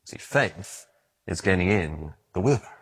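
A man preaching a sermon, telling stories with animated acted-out voices and frequent stammered restarts. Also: sits low, normal speed, husky. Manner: animated storytelling, acting out voices in his anecdotes; repeats words when restarting.

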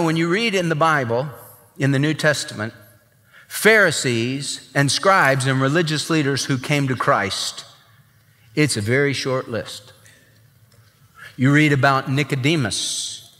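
A man's voice: fairly high pitch, sharp tone. A man pastor preaching a sermon with emphatic, dramatic delivery. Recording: long reverb, church hall.

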